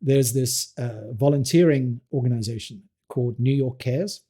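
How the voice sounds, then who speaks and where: A middle-aged South African man, a guest actor, telling animated stories in a casual interview, restarting often and laughing. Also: medium pitch, normal speed, slightly rough.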